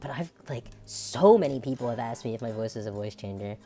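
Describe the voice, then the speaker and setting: A woman's voice: very deep voice, expressive, fairly quick, warm tone, faint music behind. A woman streamer with a nasal, androgynous voice, chatting casually and rambling, laughing often. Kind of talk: casual chat.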